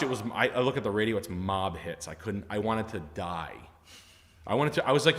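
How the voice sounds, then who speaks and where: A man's voice: lowish voice, expressive, fast, big-room sound. A man telling funny work stories on a live stream, acting out the voices of the people in them and swearing freely. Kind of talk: casual storytelling chat.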